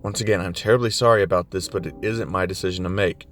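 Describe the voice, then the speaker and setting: Male narrator doing a remorseful, formal school head, low-pitched. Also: steady tone, fast talker, soft background music, natural voice. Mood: regretful. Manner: formal, apologetic. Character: apologetic male school principal.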